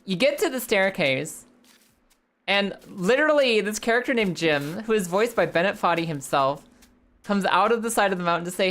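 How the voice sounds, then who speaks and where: A young woman streaming a game, chatting in a rambling, animated and profane way. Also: mid-range voice, normal speed. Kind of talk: casual live game stream chat.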